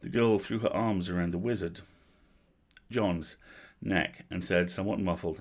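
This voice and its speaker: Deep-voiced man reading a story aloud. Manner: steady, measured storytelling. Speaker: livestream story reader. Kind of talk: reading a horror novel aloud.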